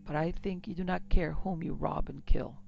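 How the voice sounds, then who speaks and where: A woman's voice: steady tone, moderate pace, gravelly. Woman doing a cold, menacing outlaw man. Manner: low, quiet and menacing. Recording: dull lo-fi with faint music.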